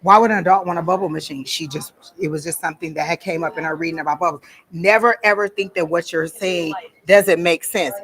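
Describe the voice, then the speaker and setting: A woman's voice: on the low side, fairly bright tone. Chatty woman teaching a psychic workshop. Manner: chatty and conversational, asks the audience questions. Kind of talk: informal workshop talk to an audience. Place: room at a psychic fair.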